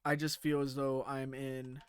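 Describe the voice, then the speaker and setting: A man's voice: mid-range voice, level tone, measured pace, clear, resonant tone, no echo. A man streaming a game and chatting casually, rambling with lots of fillers and casual swearing. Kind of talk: casual chat while playing a game.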